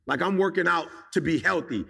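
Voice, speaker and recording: A man's voice: on the high side, a little fast, gravelly, pushed and bright, breathy edge. A man giving a motivational talk in an emphatic, casual, slangy way, firing off rhetorical questions at his listeners. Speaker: motivational speaker.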